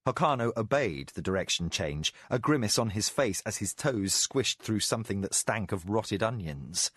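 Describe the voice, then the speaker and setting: A man narrates a fantasy novel with a fairly low voice whose pitch rises and falls a great deal. The delivery is measured and expressive, and the sound is dry and close to the mic. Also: husky, no room sound. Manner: measured storytelling with vivid, expressive phrasing. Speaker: audiobook narrator. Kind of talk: scripted narration.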